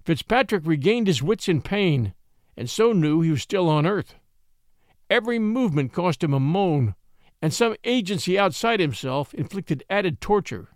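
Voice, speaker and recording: Man reading an old adventure story, lively up-and-down voice, fairly high, dry close mic. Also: moderate pace, no echo. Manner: dramatic, animated reading. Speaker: audiobook narrator and podcast host. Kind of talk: expressive storytelling narration.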